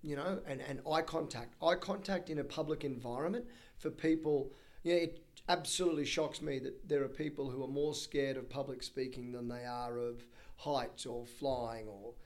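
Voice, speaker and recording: A man in his thirties with an Australian accent, a chatty, energetic auctioneer telling stories in a podcast interview. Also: mid-range voice, normal speed. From Brisbane, Australia. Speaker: auctioneer guest.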